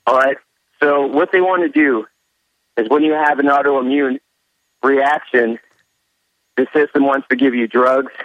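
A man's voice: mid-range voice, steady tone, unhurried, long pauses, dry recording, highs cut off. A man calling in to a radio show, earnestly running through his points. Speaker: caller. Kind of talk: phone-in call.

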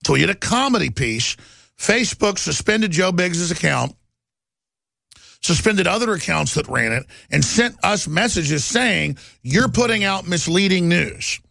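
Gravelly combative talk radio host. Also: male voice, sits high, animated, a little slow, sharp tone, dry recording. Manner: combative, ranting, rising to outbursts.

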